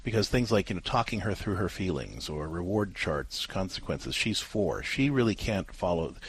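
A man's voice: deep voice, sing-song, moderate pace, slightly rough. A man co-hosting a parenting advice show, explaining at length with frequent restarts and fillers.

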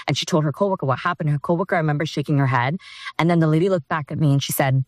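A woman with a notably low voice shares a personal faith story in an earnest, vivid way. She brings the story to life by quoting what people said. The sound is dry and close, with no room echo. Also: rapid-fire. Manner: earnest, vivid retelling with quoted dialogue. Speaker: guest sharing a testimony.

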